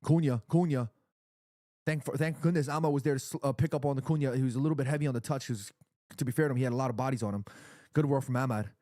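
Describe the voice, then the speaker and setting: A man streaming a live football watchalong, excitably commenting on the play and reading out viewers' chat messages. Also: medium pitch, very fast, no echo, studio quality. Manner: excitable, chatty fan commentary.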